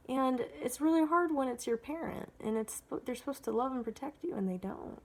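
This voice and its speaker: A woman's voice: on the high side, animated, moderate pace, a little mellow. A woman in her twenties telling a personal story to camera, blunt and candid, swearing freely and rambling with lots of fillers. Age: 20s. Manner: rambling, heavy use of filler "like". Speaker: vlogger.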